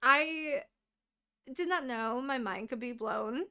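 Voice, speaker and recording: A woman co-hosting a podcast, retelling a book's plot in casual chat, animated and full of swearing. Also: sits high, slow pace, clear, resonant tone. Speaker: podcast co-host.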